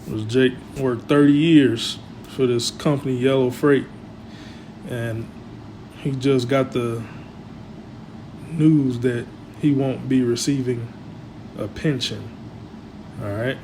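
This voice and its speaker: A man giving religious commentary in a rambling, filler-heavy way, often trailing off quietly. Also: mid-range voice, steady tone, takes it slowly, slight background noise, poor audio.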